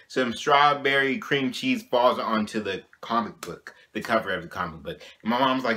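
A young male vlogger tells a story from his childhood in a casual, animated, slang-filled way, often checking in with "you know what I'm saying." His voice is mid-range, his pace a little fast, with hardly any pauses.

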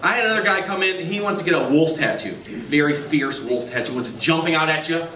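A man doing a stand-up comedy set in a club, telling stories deadpan and acting out his customers. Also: on the high side, a little fast. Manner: deadpan storytelling, voicing customers. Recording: roomy, distant, noisy club recording. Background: audience laughter.

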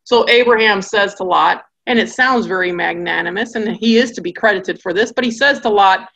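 A woman teaching a Bible study class in a lively storytelling style, acting out the people in her stories. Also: medium pitch, moderate pace, few pauses, poor audio. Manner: acts out characters' voices in quotes.

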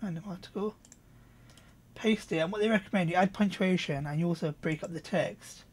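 A man reviewing software in a casual, off-the-cuff demo, thinking aloud with quick asides. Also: sits high. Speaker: product reviewer.

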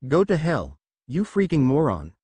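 A man's voice: fairly high pitch, wildly swooping pitch, a little slow, mellow, breathy edge, no room sound, exaggerated voice. A man voicing a fed-up soldier who answers with rude retorts. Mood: exasperated. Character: weary exasperated soldier, male.

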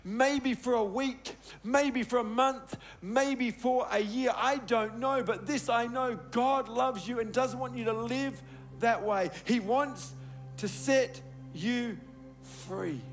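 A middle-aged man preaching a sermon as a pastor, telling a personal story with emphatic, sometimes hushed delivery. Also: very high-pitched, slow pace, soft background music. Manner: emphatic, storytelling, dropping soft on key words.

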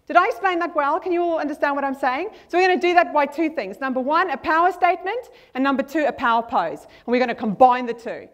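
A woman giving an energetic motivational talk at a conference, repeating key lines and leading the audience in reading a power statement aloud. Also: sits high, fast talker, hardly any pauses. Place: conference hall with a screen.

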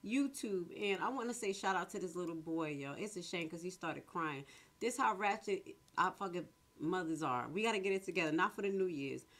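A woman hosting her own commentary vlog, talking loudly and bluntly with casual slang and strong emphasis. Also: on the low side, animated, fairly quick. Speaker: commentary vlogger.

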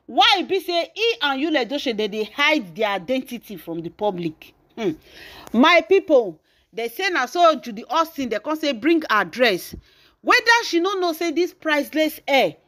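A woman's voice: high voice, a bit bright. A woman with a Nigerian accent hosting a celebrity gossip channel, retelling the story dramatically with exclamations and acted-out quotes.

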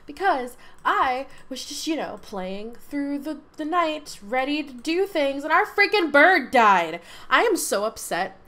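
A woman commenting on her own game in a high, bright-pitched voice. Her talk is animated and emotional, and she laughs often. Her pitch swings widely from one phrase to the next. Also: a little slow, hardly any pauses. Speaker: gaming channel host. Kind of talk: let's play commentary.

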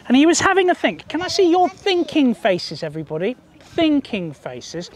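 A man telling stories to a group of children in a park, in a lively sing-song way, coaxing them to join in. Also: very high voice, moderate pace. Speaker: children's storyteller. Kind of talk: storytelling to children outdoors. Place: outdoors in a park.

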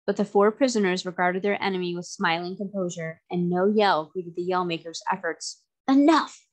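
A woman narrating a classic children's novel aloud, in a steady storytelling manner. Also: on the low side, brisk.

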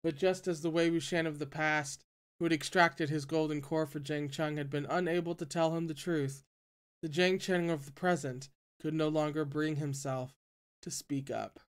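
A reader narrating a novel aloud in an even, steady way, with quiet asides between chapters. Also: medium pitch, moderate pace, smooth. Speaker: audiobook reader.

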